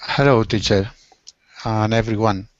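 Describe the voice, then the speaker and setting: Slow Spanish-accented male student. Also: on the low side, fairly even intonation, no room sound, dull audio. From Spain. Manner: hesitant, simple phrasing. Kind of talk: halting learner English.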